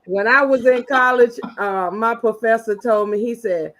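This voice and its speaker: A woman from rural South Carolina, a guest in casual chat, telling stories slowly with laughs. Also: fairly high pitch, a bit bright, low-quality recording. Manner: slow, laughing storyteller.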